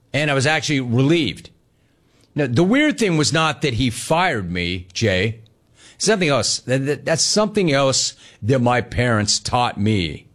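A man hosting a casual sports talk show, reading listener messages and riffing in a playful way that jumps up in pitch for emphasis. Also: a bit bright.

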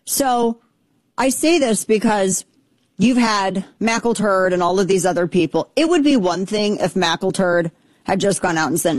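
A woman's voice: medium pitch, expressive, moderate pace, no room sound. A woman in her thirties hosts a casual commentary show in a medium voice. She rambles through asides and drops blunt, sarcastic remarks. The sound is close and dry, with no room around it. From Texas. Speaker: talk show host.

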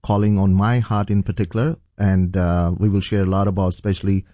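A man's voice: low-pitched, flat delivery, a little fast, warm tone, no echo, studio quality. A middle-aged man from Pakistan, a pastor telling his personal testimony earnestly, with frequent fillers and restarts. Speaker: pastor and guest.

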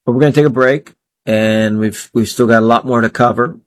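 A man's voice: mid-range voice, fairly even intonation, brisk. A man hosting a solo political commentary show, talking in an indignant, scornful way and piling up phrase after phrase.

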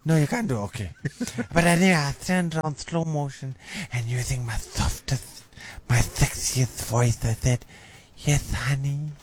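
A man's voice: mid-range voice, measured pace, a little hiss or hum, natural voice. A man voicing a gossipy middle-aged female agony aunt, giggly and theatrical, in a radio comedy sketch. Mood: dramatic. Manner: dramatic, giggly, swooping theatrical delivery.

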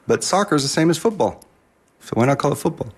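American man, measured and thoughtful. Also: fairly high pitch, animated, husky. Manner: measured, with fillers. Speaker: interviewee. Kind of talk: casual chat.

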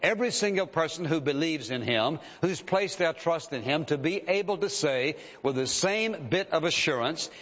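Man, preacher, sermon, slightly high voice, long hall reverb, dull sound. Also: animated, fairly bright tone. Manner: measured preaching, slows to read scripture. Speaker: pastor.

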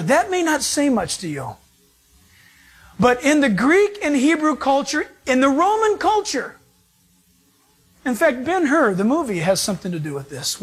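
A man preaching a sermon as a pastor, emphatic and animated. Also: very high voice, husky. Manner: emphatic, animated preaching that acts out quoted voices.

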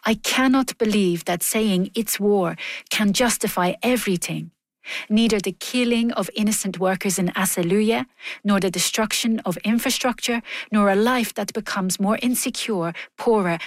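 A woman's voice: mid-range voice, normal speed, no room sound, clean studio sound. A woman reading a first-person voice-over in an earnest, weary, restrained manner.

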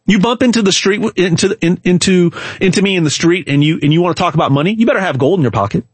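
A man giving an emphatic, hard-selling pitch straight to the viewer, repeating words and restarting often. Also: very fast, husky, no echo. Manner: emphatic, repetitive, stumbles and restarts. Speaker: gold sales pitchman. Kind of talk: direct-to-camera sales pitch.

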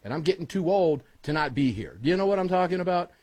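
A middle-aged man hosting a talk radio show, with brash, rapid-fire promotional patter. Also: a little high, sing-song, darkish tone, no echo.

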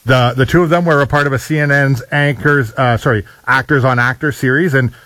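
A man's voice: medium pitch, a little fast, pushed and bright, no room sound, low-quality recording. A man co-hosting a morning radio show, chatting casually and laughing easily. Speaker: radio co-host.

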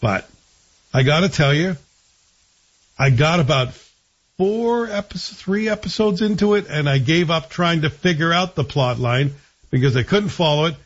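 A man's voice: on the high side, lively intonation, normal speed, breathy edge, lo-fi sound. A man chatting casually and wryly about a TV series, asking himself rhetorical questions as he reviews it. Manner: wry, conversational, rhetorical questions.

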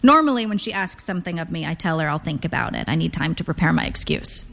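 A woman narrating first-person literary fiction in a dry, deadpan manner. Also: sits low, fast, creaky. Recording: long reverb.

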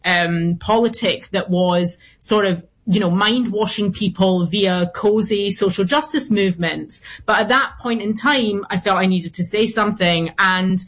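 A woman's voice: medium pitch, unhurried, hardly any pauses. A woman being interviewed as a guest commentator, speaking earnestly with some restarts. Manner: earnest, with frequent restarts and fillers.

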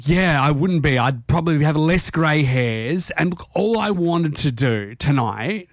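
A man's voice: a little high, expressive, unhurried, no room sound, studio quality. A man co-hosting a comedy podcast, patiently trying to keep things on track. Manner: exasperated, keeps things polite. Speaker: podcast co-host.

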